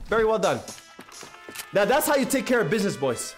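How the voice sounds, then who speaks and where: A man's voice: high-pitched, very animated, a little fast, faint music behind. A young man streaming a video game, giving hyped, joking commentary full of slang, swearing and trash talk. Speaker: gaming streamer. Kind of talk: casual let's-play commentary.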